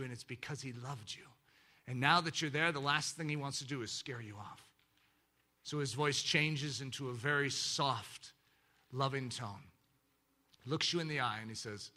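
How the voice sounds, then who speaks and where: A male pastor preaching a sermon in an animated way, swinging between loud emphasis and hushed, intimate moments. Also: mid-range voice.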